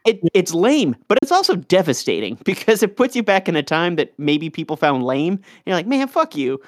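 A man's voice: fairly high pitch, sing-song, brisk, no room sound, studio quality. A man co-hosting a podcast, joking around in casual banter and swearing a lot. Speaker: podcast co-host.

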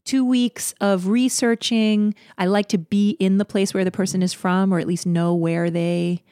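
A woman playwright and performer in a casual interview, animated, with frequent laughs and quick asides. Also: medium pitch, smooth, no room sound, clean studio sound.

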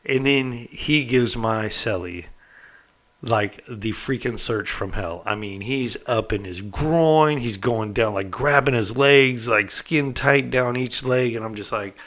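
A middle-aged man casually recounting a prison story, candid and animated, often tossing in "right?" and mild swearing. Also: on the low side, normal speed.

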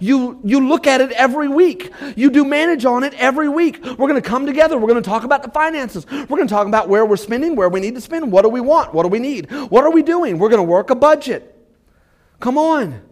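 A pastor preaching an emphatic sermon to his congregation about marriage. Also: very high-pitched. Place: church.

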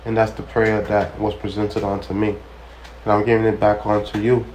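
A man's voice: lowish voice, little pitch movement, normal speed, darkish tone, a little hiss or hum, low-quality recording. A man hosting a ministry show, talking casually and preacher-like, repeating phrases for emphasis and acting out quoted conversations as he tells stories. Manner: storytelling that acts out quoted dialogue. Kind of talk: casual spoken testimony.

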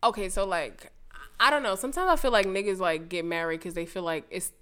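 A woman's voice: medium pitch, brisk, a bit bright, clear, resonant tone. A young woman co-hosting a casual podcast chat, telling stories with lots of animation and acting out the people she quotes. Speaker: podcast co-host.

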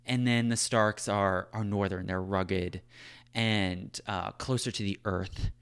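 A man's voice: lowish voice, steady tone, slow pace, a bit bright, clean tone. A man talking through history in a loose, conversational way, full of "like" and "right?". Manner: loose, filler-heavy talk, frequent "right?" and "like". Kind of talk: conversational discussion.

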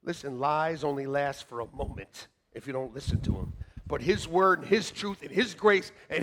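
High-voiced pastor swinging between hush and shout. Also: male voice, lively intonation, normal speed. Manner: swings from quiet asides to shouted emphasis, joking with the congregation. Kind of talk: sermon. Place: church sanctuary.

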